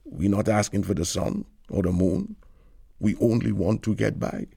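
A man's voice: fairly low pitch, moderate pace, vocal fry, mellow, breathy edge, dry recording, clean studio sound. A man reading the lines of a weary young man in London, with a brooding, lamenting manner.

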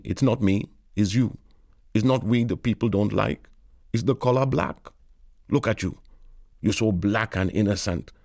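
A man reads as a brooding young man far from home, his plaintive lament spoken in a low, gravelly voice. The storybook figure sounds tired rather than angry, asking the night his questions in a dry, close sound. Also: unhurried, darkish tone, no room sound. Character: weary young Caribbean man in London, brooding.

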